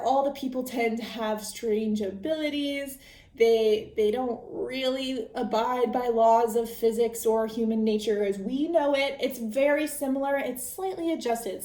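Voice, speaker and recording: A woman's voice: fairly high pitch, a little mellow, roomy sound. A woman podcast host recapping a book in a casual, chatty way, often restarting her sentences. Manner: chatty storytelling with frequent restarts and laughs.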